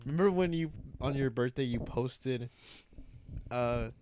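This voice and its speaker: A young man co-hosting a casual podcast, laughing and recalling a story with many pauses and fillers. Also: medium pitch, noisy background. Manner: laughing, hesitant fillers, profane. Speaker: podcast co-host. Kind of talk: casual chat among friends.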